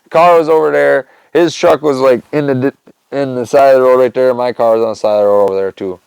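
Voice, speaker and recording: Podcast host, young man, mid pitch, gravelly, rambling casual storyteller, dry close recording. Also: fairly even intonation, fast talker, a little mellow, no echo, poor audio. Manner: rambling, loose, lots of "man" and "you know".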